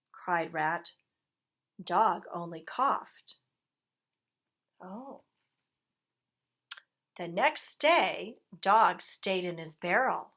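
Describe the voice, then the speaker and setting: A woman reading a picture book aloud to children, gently pausing to ask her listeners questions. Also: fairly low pitch, animated.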